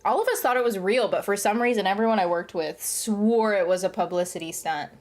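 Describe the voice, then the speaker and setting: A woman's voice: mid-range voice, fairly quick. Rambling young woman vlogger. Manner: rambling, frequent "um" and "like", animated retelling. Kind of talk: casual chat to camera.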